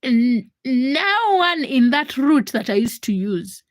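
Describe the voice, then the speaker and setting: A woman in her twenties, hosting a livestream and telling a personal story in a casual, animated way, acting out the voices of the people in it. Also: high voice, slow pace, no echo. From Uganda. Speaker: livestream host.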